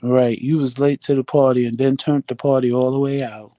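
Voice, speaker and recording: Medium in pitch, brisk, with a dark tone and flat delivery, this man hosts a vlog. He talks chattily to his viewers and acts out people's quotes in a dramatic way.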